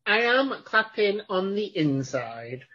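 A man co-hosts a podcast in deadpan, crude banter. His voice is husky and a bit breathy. The recording sounds dull and lo-fi. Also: sits high, slow pace. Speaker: podcast co-host. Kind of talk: casual chat.

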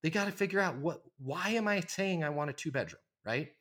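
A man's voice: fairly high pitch, animated, a little fast, a bit bright, a little hiss or hum. A man in his forties, a sales trainer speaking as a podcast guest, talking emphatically and persuasively and often tagging "right?". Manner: emphatic, persuasive, frequent "right?" tag questions. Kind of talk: conversational podcast interview.

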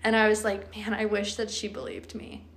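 A young woman hosting a podcast, telling a story in a chatty, animated way with lots of fillers. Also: medium pitch, moderate pace, gravelly, echoey room. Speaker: podcast host. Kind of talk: casual storytelling.

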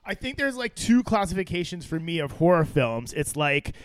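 A man's voice: on the high side, big pitch swings, moderate pace, dry recording. A man co-hosting a casual podcast, joking crudely and filling talk with "like". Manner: lots of "like", crude jokes.

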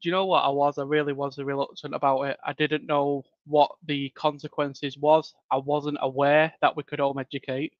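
Man, guest dad, lively storyteller, fairly high voice, muffled dry audio. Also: moderate pace, few pauses, dry recording. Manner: laughs often, animated retelling. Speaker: podcast guest, home-educating father. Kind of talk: casual interview chat. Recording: dull lo-fi dry sound.

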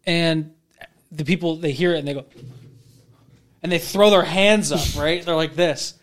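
A man's voice: on the high side, measured pace. A man co-hosting a casual podcast, telling stories with lots of swearing and acting out the people he quotes. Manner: animated storyteller, swears, acts out people he quotes. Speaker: podcast co-host.

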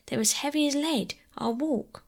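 A woman reading aloud voices a brave, quick-thinking schoolboy who calls out with urgent, firm words. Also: high-pitched, pitched above the performer's own voice.

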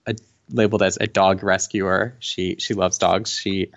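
A young man co-hosting a casual chat, talking haltingly with many fillers and restarts. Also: low voice, flat delivery, creaky. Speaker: co-host. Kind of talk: casual chat about reality TV. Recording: dull lo-fi home recording.

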